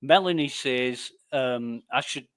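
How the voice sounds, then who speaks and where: A man with an English accent, a guest in a casual chat. He talks politely and at a measured pace. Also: mid-range voice, a bit bright, no room sound. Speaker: livestream guest.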